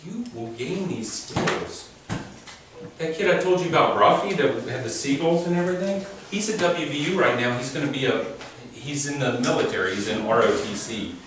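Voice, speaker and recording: With a medium pitch, lively intonation and normal speed, this man chats his way through stories for an audience of teens and their parents. He's a teen court coordinator, amused and laughing as he goes; the echoey room is captured from a distance, with faint noise.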